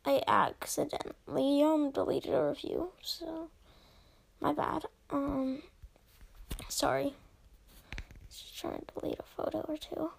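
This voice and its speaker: A woman's voice: sits high, takes it slowly, creaky, long pauses. A young woman hosting a casual solo podcast, reading out listener reviews in a rambling, giggly way with plenty of ums. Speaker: podcast host.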